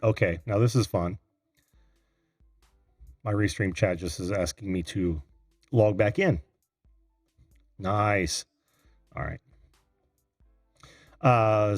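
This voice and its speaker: A middle-aged man hosting a live call-in show, chatting and reading viewer comments, easily flustered and quick to laugh. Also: lowish voice, gravelly, darkish tone, husky, no echo, clean studio sound.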